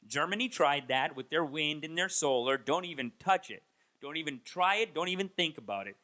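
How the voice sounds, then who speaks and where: A man in his thirties, a comedian, rambling through a casual comedic monologue and mocking people with raised, animated impressions. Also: fairly high pitch, fairly quick. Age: 30s. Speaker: comedian and podcast host. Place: Toronto.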